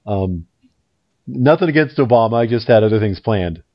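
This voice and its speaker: A man's voice: lowish voice, animated, normal speed, no echo. A man hosting a casual podcast from a hotel room, his voice coming through a dull, muffled call line. He rambles with plenty of ums and restarts and pokes fun at himself. The sound is dry and close, with no room around it. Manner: rambling, self-mocking storyteller with many fillers and restarts. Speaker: podcast host. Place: hotel room in a big city. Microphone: remote call line.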